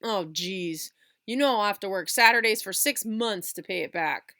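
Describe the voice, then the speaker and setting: A woman voicing a boy who is a sore loser, shouting and then sulking. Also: medium pitch, normal speed, no echo, clean studio sound. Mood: dejected.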